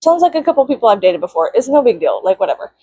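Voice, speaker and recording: A woman's voice: fairly high pitch, very animated, very fast, warm tone, husky, no room sound, dull audio. A young woman vlogging casually, venting with lots of swearing and bursts of mock-outraged shrieking.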